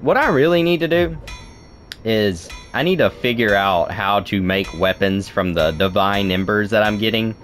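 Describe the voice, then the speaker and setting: A young man giving playful let's play commentary, chatting to the game and yelping at what happens. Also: fairly low pitch. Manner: talks to the game, playful and excitable, yelps. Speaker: gaming video host.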